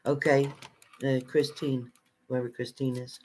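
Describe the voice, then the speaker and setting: A man's voice: mid-range voice, level tone, unhurried, darkish tone, slight background noise. A man giving live psychic readings to viewers from home in a chatty manner, repeating phrases and calling people by name. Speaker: psychic reader.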